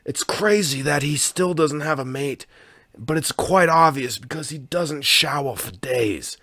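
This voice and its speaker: A man voicing an older British gentleman narrating a nature documentary in a put-on British accent, with grand, solemn delivery. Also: a little high, unhurried, no room sound, studio quality, voice pushed up, heavily acted. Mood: mock-solemn. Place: podcast studio.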